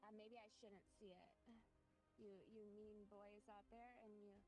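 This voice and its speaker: A woman's voice: mid-range voice, flat delivery, measured pace, over music. Hesitant woman chatting on stream. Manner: hesitant, many fillers. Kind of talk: casual stream chat.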